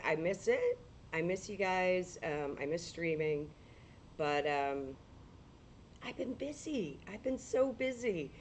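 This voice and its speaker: A woman with a hoarse, gravelly voice, chatting casually and rambling with laughs as she hosts a paranormal livestream from home on a laptop mic. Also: lowish voice, slight background noise. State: hoarse, losing her voice.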